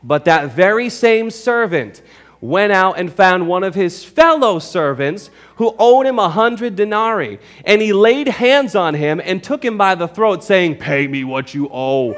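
A man's voice: sits high, lively intonation, measured pace, fairly bright tone. A male pastor preaching a sermon to his congregation in church, emphatic and conversational, often checking in with his listeners.

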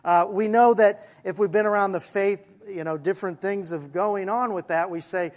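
A male pastor preaching a sermon in a conversational way, with asides to the congregation and slowing down to stress key phrases. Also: sits high, steady tone.

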